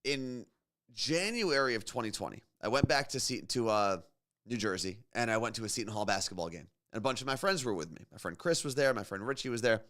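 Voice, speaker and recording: A man co-hosting a morning radio show, telling long casual stories with a relaxed, rambling manner. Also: mid-range voice, fairly quick. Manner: chatty storyteller, bursts into silly singing.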